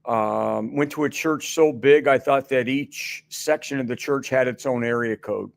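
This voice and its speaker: A man's voice: medium pitch, unhurried, creaky, dry recording, clean studio sound. A middle-aged man as a guest on a sports radio show, chatting casually and rambling with many restarts and fillers.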